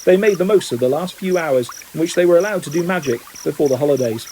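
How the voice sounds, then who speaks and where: A man reading a novel aloud in plain, steady narration. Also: a little high, quick pace, slight background noise, rough recording. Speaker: audiobook reader.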